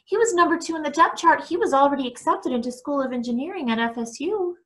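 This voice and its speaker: A woman's voice: high-pitched, animated, quick pace, a bit bright, pitched above the performer's own voice. A woman reading a novel aloud, voicing a bewildered teenage boy who asks himself earnest questions.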